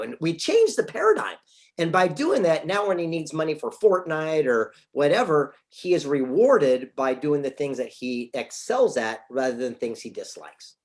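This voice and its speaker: A man in his fifties from California, a guest telling lively stories and acting out quoted lines. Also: on the high side, normal speed. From San Diego, California. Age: 50s. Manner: animated, acts out quoted dialogue. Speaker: podcast guest, author. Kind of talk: casual storytelling interview.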